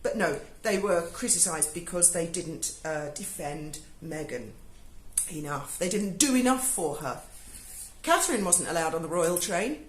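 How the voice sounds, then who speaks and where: A woman's voice: lowish voice, lively intonation, a little slow, reverberant, low-quality recording. A British woman, giving a sarcastic, sweary video review monologue. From Britain. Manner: sarcastic, swears freely, mocking asides. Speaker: YouTuber. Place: home in Spain.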